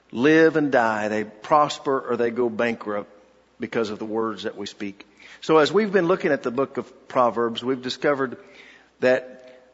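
A man preaching a sermon, mixing a family story with read scripture in a slow, deliberate manner. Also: medium pitch, in a large hall, dull audio. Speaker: pastor.

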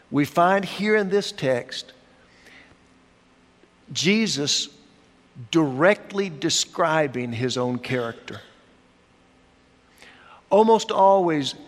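A man preaching a sermon as pastor, slow and deliberate, leaning on emphatic pauses. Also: fairly high pitch. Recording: long hall reverb.

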